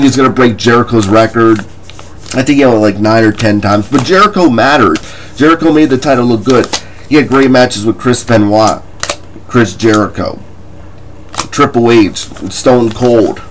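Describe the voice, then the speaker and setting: A man of ordinary middle pitch delivers a combative wrestling-commentary rant. He swears freely and mocks the people he argues against, and scoffing laughs break up his points. Faint noise sits under the voice. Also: low-quality recording. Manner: profane, combative, mocking. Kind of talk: ranting commentary vlog.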